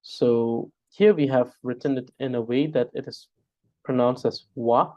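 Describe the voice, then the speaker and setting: Guy teaching spelling, slow and halting, chants syllables over and over. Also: mid-range voice, darkish tone, highs cut off. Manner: patient, halting, drills syllables aloud. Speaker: Tibetan language teacher.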